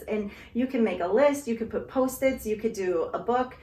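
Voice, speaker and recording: Woman calmly explaining parenting advice. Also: on the high side, moderate pace. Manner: calm, explanatory, acts out parent-child dialogue. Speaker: guest speaker on parenting. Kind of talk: casual conversation. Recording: echoey room.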